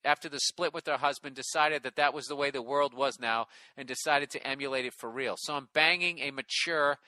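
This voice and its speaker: A man's voice: mid-range voice, a little fast, bright, forceful tone, no echo. A middle-aged man hosting a casual comedy podcast, reading a listener email aloud with sarcastic, profane commentary.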